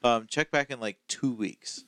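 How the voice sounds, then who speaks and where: A man talking as a relaxed guest on a casual podcast. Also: medium pitch, unhurried, clear, resonant tone.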